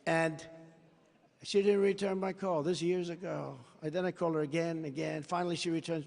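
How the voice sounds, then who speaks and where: Man, rally speech, rambling and boastful, high voice, long hall reverb. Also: steady tone, normal speed, creaky, darkish tone. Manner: rambling, boastful, with off-the-cuff asides to the crowd. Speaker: political candidate at a campaign rally. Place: large rally venue before a crowd.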